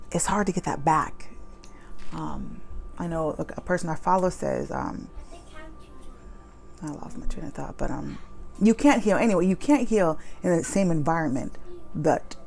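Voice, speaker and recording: A woman in her thirties, a mother, telling a personal story at home in a candid, chatty way with lots of fillers, speaking fast. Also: lowish voice, creaky, darkish tone. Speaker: vlogger. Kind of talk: personal story time, advice to viewers. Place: home with children nearby.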